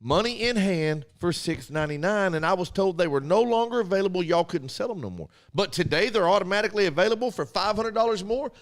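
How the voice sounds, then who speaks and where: A man's voice: high voice, lively intonation, fast talker, few pauses. A man co-hosting a casual radio talk show, animatedly telling a story and acting out both sides of phone calls. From Arkansas.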